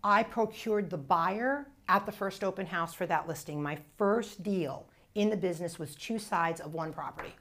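A woman's voice: fairly low pitch, moderate pace, hardly any pauses, fairly bright tone. A woman in her forties, a real estate agent and team coach, talking emphatically in a casual chat.

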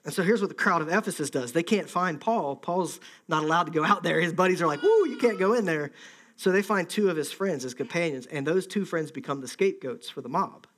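A man's voice: fairly high pitch, a little fast, hardly any pauses, fairly bright tone. A man preaching a conversational sermon, acting out the voices of an angry crowd. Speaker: pastor.

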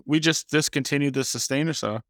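A man's voice: on the high side, fairly quick, a bit bright, dry recording, studio quality. A man co-hosting a podcast in casual chat, joking and teasing. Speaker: podcast co-host.

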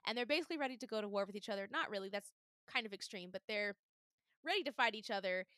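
A young adult woman hosting a casual fandom podcast, animated and laughing often as she acts out her reactions. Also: mid-range voice, fast talker, dry recording, studio quality. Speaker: podcast host. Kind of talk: casual chat.

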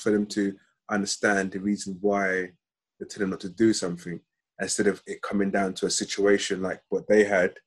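A man speaks on a podcast in a halting way, restarting and repeating words. His voice is low and husky. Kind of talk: casual podcast chat.

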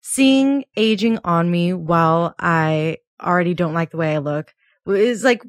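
A woman in her late twenties, chatting casually as a podcast co-host. She laughs often and acts out quotes in a higher voice. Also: a little slow, no room sound, clean studio sound. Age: 20s. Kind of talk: casual chat.

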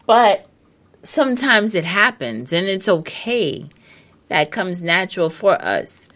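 A woman's voice: medium pitch, very animated, slow, a bit bright. A woman hosting a casual advice monologue, blunt and emphatic, swearing and repeating herself, hiccuping. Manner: emphatic, repetitive, blunt with profanity.

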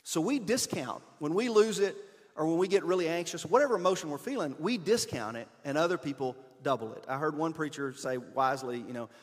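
Man, fairly high voice, sermon, conversational and animated, long hall reverb. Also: fairly quick. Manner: conversational, animated, swings between emphatic and hushed. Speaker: pastor.

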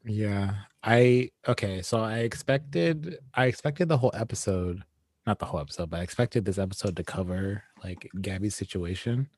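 A man's voice: lowish voice, moderate pace, darkish tone, dry recording. A man co-hosting a podcast, talking casually about an anime episode, hesitant and correcting himself as he thinks aloud. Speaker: podcast co-host.

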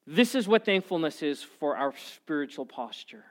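A pastor delivers a sermon in a chatty, animated storytelling way. His voice sits a little higher than most men's. He jokes and asides freely while preaching. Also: normal speed.

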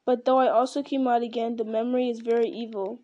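A woman reading the part of a grim, weathered male ranger, speaking quietly and solemnly. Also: on the high side, little pitch movement, fast talker, highs cut off, close to an everyday voice.

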